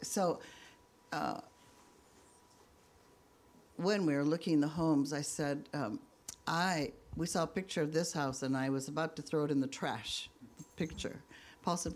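Halting, candid woman sharing testimony. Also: low voice, steady tone. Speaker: minister's wife giving testimony. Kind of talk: personal testimony to a congregation.

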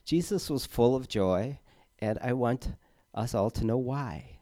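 A man preaching a conversational sermon, halting, with many fillers and repeated words, and earnestly leaning on key words. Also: mid-range voice, expressive, warm tone, no room sound, studio quality.

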